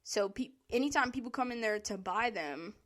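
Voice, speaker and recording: Animated young woman ranting. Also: fairly high pitch, normal speed. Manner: profane, animated, laughing, exasperated. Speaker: vlogger. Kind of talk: casual storytelling rant.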